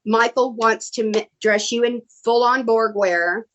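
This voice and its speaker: A middle-aged woman with a slightly high voice tells her stories in a relaxed interview. She is animated and excitable, slipping into the voices of the people she quotes. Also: a little slow, muffled recording. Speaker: guest actress. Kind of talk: casual storytelling.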